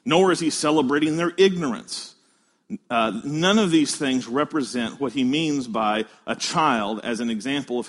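A man preaching a sermon, emphatic, slowing down to stress key words and explaining a scripture passage he reads aloud. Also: mid-range voice. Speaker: pastor.

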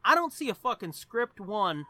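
A man co-hosting a podcast in casual chat, animated and rambling, swearing freely. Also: high-pitched, normal speed, no echo. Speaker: podcast co-host.

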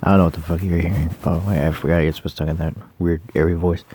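A man's voice: low-pitched, flat delivery, rapid-fire, slight background noise. A young man making a joking amateur ASMR video, stammering, swearing often and mocking himself. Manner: rambling, stammering, swears a lot, self-mocking. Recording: music playing loudly behind.

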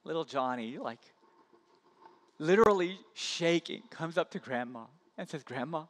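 A male pastor preaches, spinning a story with a lively, swooping delivery. His voice sits a little high for a man. A long church-hall reverb follows him. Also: unhurried. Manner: animated storyteller. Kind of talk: sermon.

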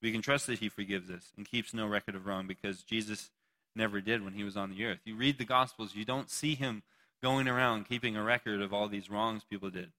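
A man's voice: fairly low pitch, fairly even intonation, a little fast, pushed and bright. A man preaching a casual, joking sermon to a live group, asking questions and talking back with listeners. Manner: casual, joking, talks to the audience.

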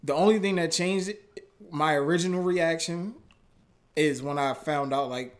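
A man co-hosting a casual podcast, chatting in a relaxed, slangy way with quick interjections. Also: a little high. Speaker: podcast co-host.

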